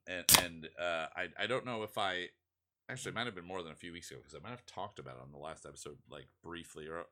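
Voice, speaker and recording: A man's voice: sits low, pushed and bright. A man co-hosting a podcast, chatting casually and telling a rambling story full of restarts and asides. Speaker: podcast co-host. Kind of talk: casual chat.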